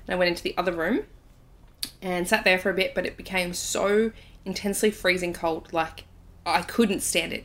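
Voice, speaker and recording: Woman telling a ghost story. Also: on the low side. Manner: animated, breathless when telling scary parts, laughs often. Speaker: podcast co-host. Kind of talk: casual storytelling chat.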